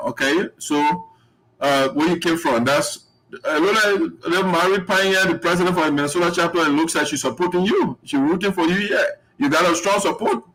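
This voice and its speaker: A man's voice: fairly high pitch, a bit bright, poor audio. A man hosting a live online talk show, rambling, laughing often and reading out viewer comments. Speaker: host.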